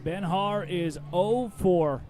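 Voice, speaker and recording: A man with an Arkansas accent calls a baseball game live, trading banter with his partner between pitches. His voice sits a little high for a man. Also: slow pace, darkish tone. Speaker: play-by-play announcer. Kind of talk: baseball play-by-play commentary.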